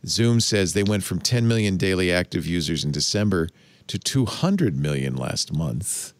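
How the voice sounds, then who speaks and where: A man hosts a tech panel, his voice swinging widely in pitch as he jokes and laughs. The sound is dry and close-miked. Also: normal speed, no echo. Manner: animated, laughing, wry. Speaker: host. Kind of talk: casual panel chat.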